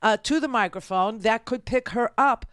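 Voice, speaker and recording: A woman's voice: on the high side, normal speed, dry recording, studio quality. A woman hosting a political talk radio show, giving sarcastic, combative commentary.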